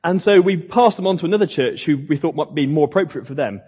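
Man, pastor, conversational sermon, husky voice, long hall reverb. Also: fairly high pitch, animated, fast talker, dark tone. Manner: conversational preaching with mocking quoted asides. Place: church hall. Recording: echoey hall, dull lo-fi sound.

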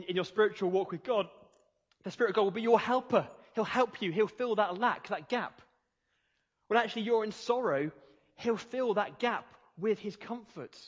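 A man preaching a sermon in an earnest, emphatic way, slowing down to stress key phrases. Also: sits high. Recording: reverberant hall, dull lo-fi sound.

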